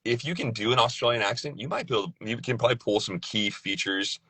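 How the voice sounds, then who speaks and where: A man's voice: medium pitch, fast talker, sharp tone, slightly rough, no room sound. A man, a voice actor, talking casually as a guest, loose and laid-back and laughing often. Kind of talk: casual conversation.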